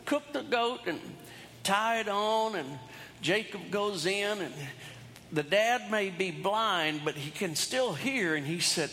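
A man's voice: sits high, lively intonation, slow, pushed and bright, big-room sound. A man preaching a sermon, retelling a story in a folksy, humorous way with asides to his congregation. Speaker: pastor.

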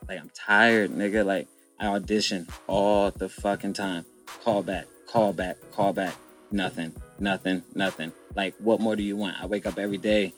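A young man with a low voice tells his story bluntly, full of slang and swearing, in a candid podcast chat. Faint music runs underneath. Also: steady tone, normal speed. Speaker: guest.

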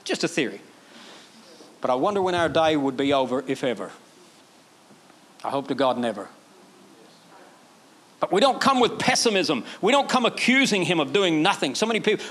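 A pastor preaching a sermon, animated, acting out quoted prayers in a raised voice. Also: male voice, on the high side, moderate pace, pauses often.

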